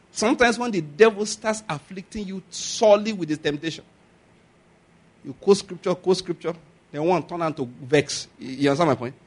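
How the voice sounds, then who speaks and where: A man's voice: fairly high pitch, breathy edge. A man with a Nigerian accent preaching a sermon, repeating his points emphatically and chuckling often. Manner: emphatic, repetitive exhortation with frequent chuckles.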